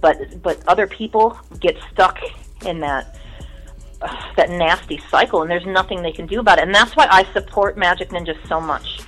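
A woman's voice: fairly low pitch, moderate pace, faint music behind, poor audio. A woman guest in casual chat, telling stories bluntly with lots of swearing and acted-out voices. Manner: blunt, profane storytelling with lively mimicry.

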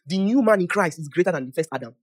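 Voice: mid-range voice, lively intonation, quick pace, breathy edge. A preacher giving a conversational sermon, asking the listeners questions and laughing often, then praying aloud in tongues. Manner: prays aloud in tongues, rising in loudness. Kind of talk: sermon and prayer.

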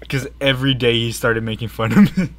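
A young man co-hosting a podcast, telling stories in a laid-back, low-key way and chuckling along. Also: no echo. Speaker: podcast co-host. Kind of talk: casual chat.

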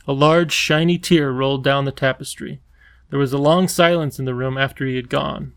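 Gravelly male audiobook narrator. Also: medium pitch, fairly even intonation, normal speed, a bit bright, dry recording. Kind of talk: scripted narration.

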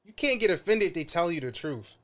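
A man in casual chat, animated, acting out quotes with big jumps in pitch. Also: fast.

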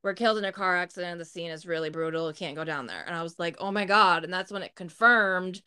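A woman's voice: on the low side, quick pace, bright, forceful tone, smooth. A woman co-hosting a podcast, telling a personal story in a candid, blunt way and swearing freely. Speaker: podcast co-host. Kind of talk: casual storytelling.

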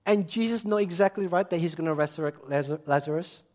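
A man preaching a sermon, emphatic, repeating phrases and putting questions to his listeners, swinging between loud emphasis and quiet asides. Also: fairly high pitch, fast talker.

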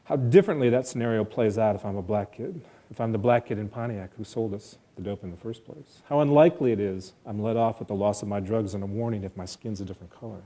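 A man's voice: on the low side, quick pace, warm tone. A man from the United States telling a personal story to an audience, earnest and self-deprecating, in vivid present tense.

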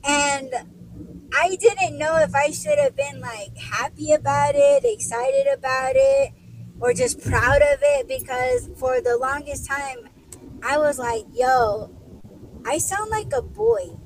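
A woman's voice: high-pitched, big pitch swings, takes it slowly, gravelly, rough recording. A young woman, a podcast host, telling casual stories while driving deliveries, chatty and laughing often with lots of fillers. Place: in a car. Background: faint vehicle noise.

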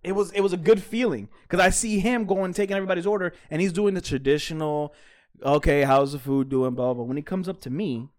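A high-pitched man co-hosts a podcast, telling a story fast with few pauses. He's animated and profane in casual chat, laughing as he goes.

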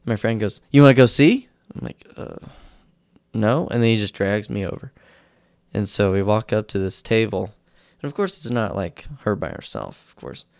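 A young man rambles through a casual podcast story, poking fun at himself. His voice has a gravelly, creaky texture. The sound is close and dry, with no room echo. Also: fairly low pitch, lively intonation, normal speed, darkish tone. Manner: rambling, self-deprecating, acts out quotes in raised voices. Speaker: podcast host.

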